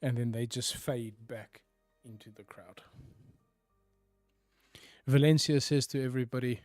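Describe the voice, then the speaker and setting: A man narrating a tabletop game as game master, often sinking to hushed tones for dramatic moments. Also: medium pitch, steady tone, measured pace, pauses often, no echo, clean studio sound, soft background music.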